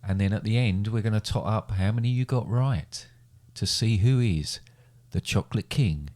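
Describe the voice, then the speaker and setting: Hosting a casual family podcast, a middle-aged man runs a quiz with playful game-show build-up as quiz master. He speaks at a moderate pace with a fairly low, darkish voice.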